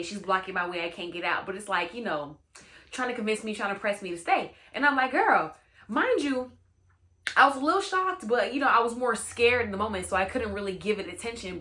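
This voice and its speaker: Young woman hosting a storytime vlog; chatty, slangy, bright tone. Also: medium pitch. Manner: chatty, slangy, lots of "you know what I'm saying". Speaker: storytime host. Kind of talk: casual storytime chat.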